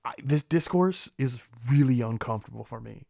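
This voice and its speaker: A man's voice: mid-range voice, animated, normal speed, gravelly, warm tone, dry recording, studio quality. A young man commenting casually on clips, rambling and profane, laughing often and slipping into mocking voices. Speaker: commentary vlogger reacting to clips.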